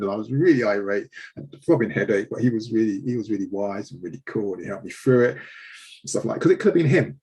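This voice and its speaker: A man's voice: on the low side, fairly quick, dark tone, poor audio. A man in his forties, a live show host, telling a personal story with passion and frequent restarts when upset. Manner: impassioned, repeats words when upset.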